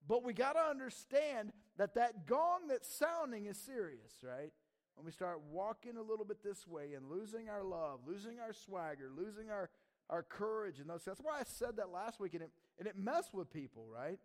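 High-voiced man preaching with animated energy. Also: normal speed. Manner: animated, conversational, acts out scared voices. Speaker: pastor. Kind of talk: sermon.

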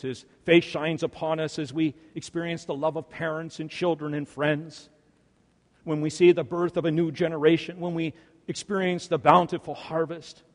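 Pastor preaching in a reverberant church. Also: male voice. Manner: swings between loud, slow emphatic peaks and quiet, low endings. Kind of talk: sermon. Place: church sanctuary. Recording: long hall reverb.

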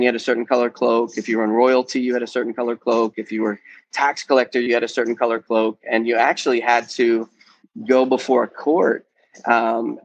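A man's voice: mid-range voice, dull audio. A man in his forties, a youth ministry guest, candidly sharing his personal testimony in a podcast interview. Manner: earnest, candid, peppered with "um" and "man".

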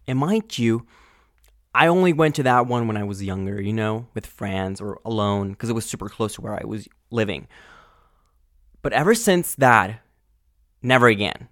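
A man's voice: fairly low pitch, normal speed, long pauses, no echo, clean studio sound. A young man hosting a casual podcast, ranting with lots of swearing and trailing off mid-sentence. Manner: animated, swears a lot, trails off and restarts. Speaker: podcast host.

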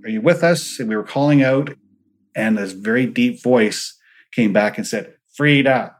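Man, fairly low voice, earnest storyteller, paranormal investigator guest, quotes dialogue. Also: normal speed, low-quality recording. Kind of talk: recounting stories in an interview.

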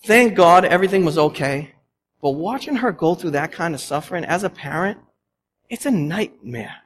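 Casual: pastor guy preaching in a church, chatty and animated, voice sits a bit high, big echoey hall. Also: moderate pace. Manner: animated, storytelling with lively asides. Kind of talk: conversational sermon. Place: church sanctuary. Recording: long church reverb, faint background noise.

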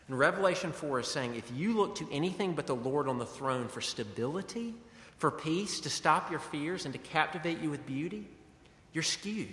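A man's voice: on the high side, fairly bright tone. A man preaching a sermon as pastor, earnest and conversational, in a church sanctuary. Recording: echoey hall with long reverb.

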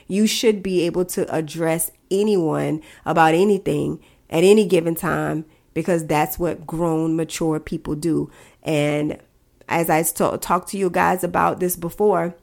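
A woman hosting a solo podcast and giving advice in a fast, emphatic, chatty way. Her voice is nasal and congested because she is sick. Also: on the low side. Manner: fast, emphatic, chatty, addresses listeners as guys. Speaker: podcast host.

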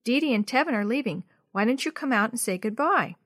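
A woman playing a gentle, soothing mother. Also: fairly high pitch, a little fast, no echo, clean studio sound. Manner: calm and reassuring.

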